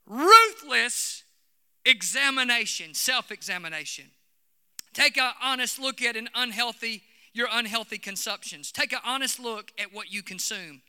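A man preaching a sermon with a very high, ringing bright voice that stays smooth and resonant. He hammers home phrases and calls out to the congregation. A long reverb from the church hall trails after him. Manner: emphatic preaching with repeated phrases and call-outs to the congregation. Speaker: pastor.

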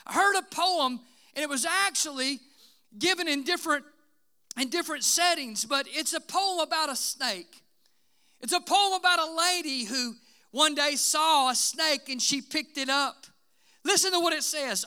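Fiery, bright-voiced preacher man. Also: extremely high pitch, normal speed. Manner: emphatic, frequent "uh" and "listen", shouting bursts. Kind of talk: fiery sermon.

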